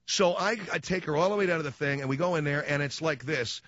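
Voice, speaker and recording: A man's voice: a little high, quick pace, a bit bright, lo-fi sound, slight background noise. A man hosting a radio talk show, ranting sarcastically in a comic monologue.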